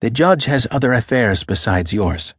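A man voicing a calm, unbothered middle-aged female secretary in an audiobook, speaking in a composed, faintly derisive way. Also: mid-range voice, moderate pace, breathy edge, no room sound, clean studio sound.

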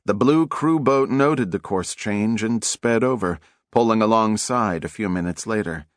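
A man giving measured, dramatic scripted narration for an audiobook on a close studio mic. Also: lowish voice, no echo.

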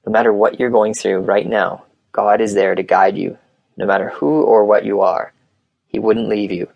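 A man voicing a kind, encouraging woman camp leader with an Oklahoma accent, speaking in a gentle, coaxing way. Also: lowish voice, fairly even intonation, moderate pace, creaky, highs cut off.

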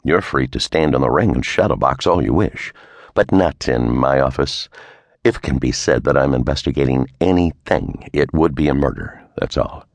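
A man voicing a cool, wry 1930s male private detective who talks in a dry, unhurried way in an audiobook. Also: extremely low pitch, expressive, no echo, pitched below the performer's own voice. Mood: sardonic.

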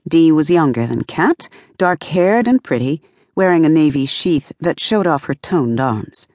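A woman narrating an audiobook in a measured, even storytelling manner on a close studio mic. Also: low voice, dry recording. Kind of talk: scripted narration.

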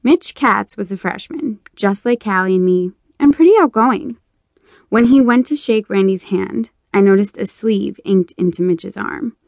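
Woman, audiobook narrator, first-person romance, measured delivery, dry close sound. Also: medium pitch, gravelly, a little mellow, dry recording.

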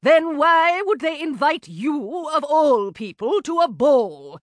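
A woman's voice: sits high, big pitch swings, slow, no room sound, clean studio sound, voice pushed up, full character voice. A woman doing a haughty, disapproving society lady. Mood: disdainful. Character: snobbish, peevish aristocratic sister-in-law, woman.

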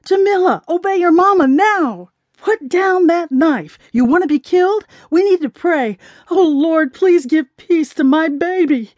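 A woman's voice: very high-pitched, expressive, a little slow, darkish tone, no echo, voice pushed up. A woman voicing a big, frantic mother who wails, pleads and prays in a storybook reading. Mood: pleading. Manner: wailing, pleading, praying.

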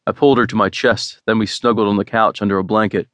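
A man with a lowish voice narrates a romance novel in first person. His delivery is relaxed and wry. The recording is dry and close. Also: fast talker, no echo. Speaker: audiobook narrator.

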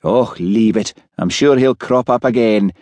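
A man voicing an easygoing, shrewd Highland village policeman who talks calmly and wryly. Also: a little slow, dry recording, close to an everyday voice.

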